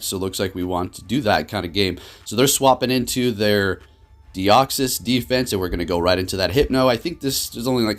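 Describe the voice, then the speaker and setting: A man with a low voice provides lively, excitable commentary on his matches as host of his gaming channel. He shifts quickly between frustration and laughter.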